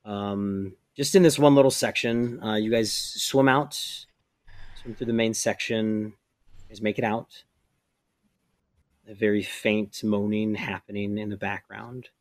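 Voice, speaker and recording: Low, flat-voiced man narrating a game. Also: a little slow, no room sound, studio quality. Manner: loose, descriptive narration with fillers. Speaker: game master.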